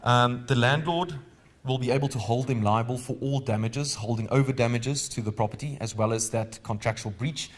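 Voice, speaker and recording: A man's voice: mid-range voice, normal speed. South African man running a legal seminar. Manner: conversational, quizzes the audience with rhetorical questions. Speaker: legal trainer. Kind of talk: live training seminar.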